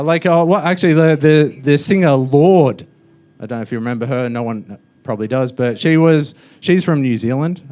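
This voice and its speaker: A man's voice: mid-range voice, darkish tone. A young man doing a mocking stand-up roast in a comedy club, with a loose, offhand delivery full of fillers. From Australia.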